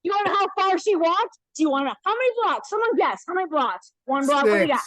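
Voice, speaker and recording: Woman in her fifties, comedian on a video call, high voice, dry close sound, animated storyteller. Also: fast talker, no echo, low-quality recording. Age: 50s. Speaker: stand-up comedian. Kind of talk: live virtual stand-up set. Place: hotel room. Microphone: laptop webcam on a video call.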